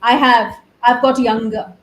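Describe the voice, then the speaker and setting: A woman's voice: fairly high pitch, steady tone, unhurried, reverberant, a little hiss or hum, poor audio. A woman hosting a talk show interview, chatty, effusive and playful as she introduces and questions her guest. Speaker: host.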